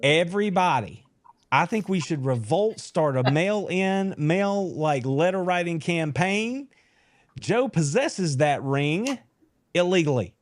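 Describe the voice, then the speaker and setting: A man's voice: fairly high pitch, animated, slow pace. A man hosting a live sports podcast, talking in a folksy, teasing way. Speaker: podcast host. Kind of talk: casual live show chat.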